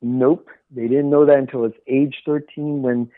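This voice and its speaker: A man's voice: mid-range voice, steady tone, moderate pace, dry recording. Man telling his story over a phone-like line. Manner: earnest, emotional, soft dips in quiet moments. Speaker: guest, author. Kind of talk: storytelling in an interview.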